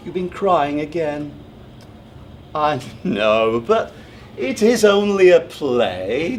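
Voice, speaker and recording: A man's voice: fairly high pitch, slight background noise, exaggerated voice. An actor playing a pompous, controlling man in a theatrical monologue, smug, condescending and over-precise in how he talks. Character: pompous, controlling, self-assured man proposing. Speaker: stage actor. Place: theatre stage.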